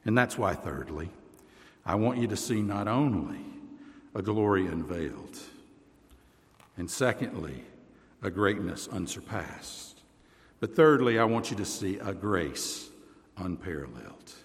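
A male pastor delivers a sermon at a deliberately slow pace, reading scripture and letting key words sink low for emphasis. His voice rings out with the long reverb of a church hall. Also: lively intonation. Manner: deliberate preaching, slows and drops low for emphasis, reads scripture aloud.

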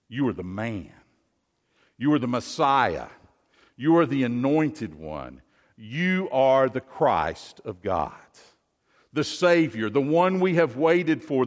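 A pastor preaching a sermon in a church, repeating phrases and asking his listeners rhetorical questions. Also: medium pitch. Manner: repetitive, frequent rhetorical questions. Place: church sanctuary. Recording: long reverb of a large hall.

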